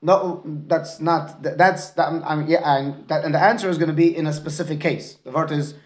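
A man's voice: fairly high pitch, steady tone, moderate pace, reverberant. A man teaching a Talmud class, mixing Aramaic and Hebrew terms into his English and often checking in with his students by asking "right?". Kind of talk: lecture with student questions.

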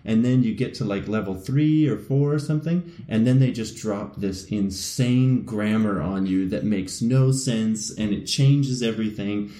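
A man's voice: on the low side, measured pace, few pauses, warm tone, reverberant. A man co-hosting a casual podcast, rambling and self-mocking, laughing often. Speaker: podcast co-host.

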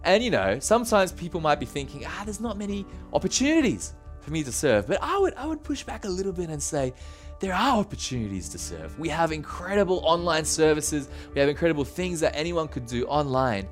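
Animated male pastor preaching with laughter. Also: a little high, fairly quick, soft background music. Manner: animated, laughs often, conversational. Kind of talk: sermon.

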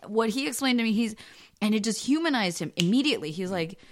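A young woman co-hosting a podcast, telling family stories in a casual, animated way and laughing often. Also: a little high, quick pace. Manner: animated storytelling, acts out quotes, laughs often. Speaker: podcast co-host. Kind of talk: casual chat.

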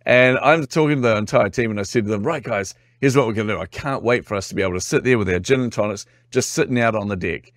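A man with a New Zealand accent, telling lively stories as a guest in an interview. His voice sits low and deep, and he acts out what others said and laughs as he goes. The recording is dry and close, with no room sound. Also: fast talker, few pauses, dry recording. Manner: animated storyteller, acts out quotes, laughs often. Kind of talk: casual interview chat.

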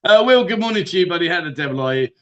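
A man's voice: high-pitched, animated, very fast, muffled recording. A man hosting a casual livestream, reading out viewer comments and teasing them with banter. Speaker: livestream host.

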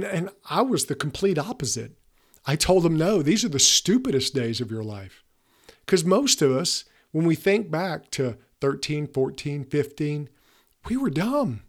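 A man in his fifties hosting a podcast, giving an earnest, emphatic motivational talk straight to his listeners. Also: medium pitch. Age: 50s. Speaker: podcast host.

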